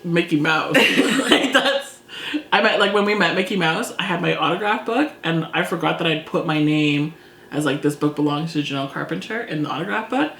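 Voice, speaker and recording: A woman hosting a casual chat, telling a story in an animated, giggly way. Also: on the low side, moderate pace, gravelly, a little hiss or hum. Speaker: channel host. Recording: echoey room.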